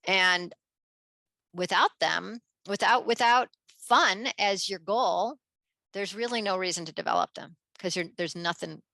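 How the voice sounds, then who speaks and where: Lively woman guest, bright gravelly voice, jumps into kid voices, dry close sound. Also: unhurried, no echo. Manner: lively, acts out children's voices with big pitch jumps. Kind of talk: animated conversational interview.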